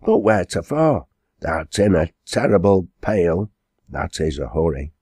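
A man's voice: sits low, very animated, unhurried, a little mellow, husky, dry recording, heavily acted. A man voicing a cheery, hungry old yard servant with a broad Lancashire dialect, jovial and sing-song, in an audiobook. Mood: hearty.

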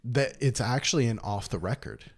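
A man's voice: mid-range voice, lively intonation, fairly quick, slightly rough. A man hosting a podcast, chatting loosely and rambling with lots of fillers. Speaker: podcast host. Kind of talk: casual chat.

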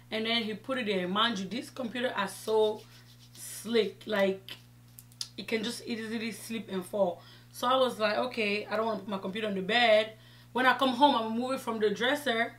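Chatty woman vlogger telling a story. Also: mid-range voice. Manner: chatty storytelling, animated retelling of dialogue. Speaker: beauty vlogger. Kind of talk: casual chat while doing makeup.

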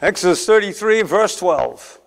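Middle-aged male pastor, high-pitched, sermon delivery that asks for amens and swells to emphatic peaks. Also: lively intonation, a little slow, gravelly. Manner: preaching, calls for amens, rises to emphatic peaks. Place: church sanctuary.

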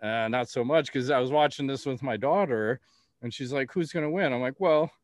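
A man's voice: mid-range voice, steady tone, normal speed, no echo, studio quality. A man hosting a podcast in casual chat, blunt and rambling, swearing freely. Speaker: podcast host.

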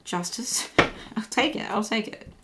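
A woman's voice: fairly high pitch, unhurried, background noise. A woman giving a casual tarot reading to camera who thinks aloud as she muses over the cards and often repeats phrases. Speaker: tarot reader.

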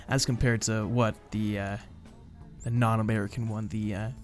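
A man's voice: on the low side, flat delivery, normal speed, soft background music. A man giving joking, rambling commentary while playing a video game, laughing at himself. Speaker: gaming host. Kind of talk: let's-play commentary.

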